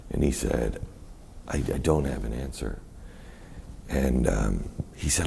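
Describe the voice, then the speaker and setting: A middle-aged man telling animated, rambling stories in a live onstage conversation at a university event, quoting other people as he goes. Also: very deep voice, measured pace, gravelly, slight background noise. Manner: animated, rambling storyteller who quotes others in many voices. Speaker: guest.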